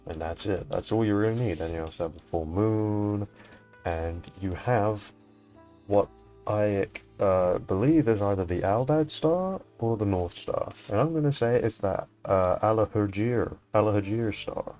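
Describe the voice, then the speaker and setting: A man's voice: on the low side, unhurried, warm tone, faint music behind. A young man hosting a fan art showcase in casual, rambling commentary, swearing now and then. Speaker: showcase host.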